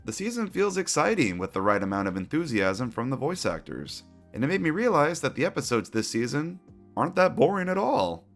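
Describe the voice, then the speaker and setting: A man's voice: mid-range voice, big pitch swings, brisk, soft background music. A man narrating a scripted retrospective commentary, opinionated and wry.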